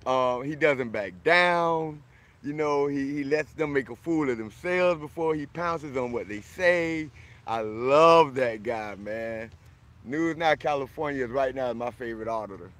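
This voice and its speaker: A man's voice: fairly high pitch, measured pace, a bit bright. A man from Florida hosting a casual livestream, boisterous and friendly, greeting viewers by name as he answers their comments.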